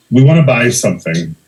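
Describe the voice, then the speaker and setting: A man's voice: medium pitch, poor audio. A man playing a character at a tabletop game, playful and drawling. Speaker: player.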